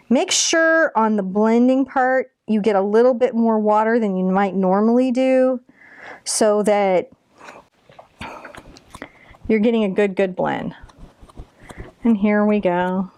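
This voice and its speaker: A woman's voice: fairly high pitch, darkish tone, dry recording. A woman in her forties teaching a live painting lesson, chatty and encouraging as she talks through each brush stroke. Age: 40s. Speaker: painting instructor.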